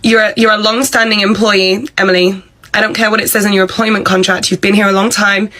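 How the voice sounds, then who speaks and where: A woman's voice: medium pitch, little pitch movement, quick pace, pushed and bright, natural voice, poor audio. A woman voicing a bossy, petty pub manager, in a comedy sketch. She talks down to her staff in a condescending, entitled way. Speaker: manager character.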